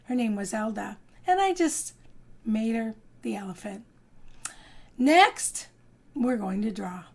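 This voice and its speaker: Woman, kindergarten teacher, high voice, unhurried pace, sing-song storybook reading. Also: lively intonation, creaky. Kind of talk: storybook reading and drawing lesson for young children.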